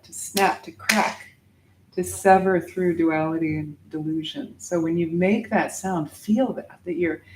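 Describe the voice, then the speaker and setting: Slow, patient woman meditation teacher chanting mantra syllables in an echoey room. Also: on the low side, a little mellow, a little hiss or hum. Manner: patient, demonstrates sounds, chants syllables slowly.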